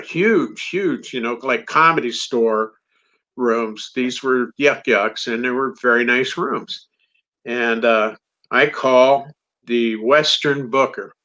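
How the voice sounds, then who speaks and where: Middle-aged male comedian, animated anecdote teller with a bright, forceful tone; dull lo-fi recording. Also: mid-range voice. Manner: animated anecdote teller, acts out quoted dialogue. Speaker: comedian guest. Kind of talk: storytelling in a podcast interview. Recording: dull lo-fi sound.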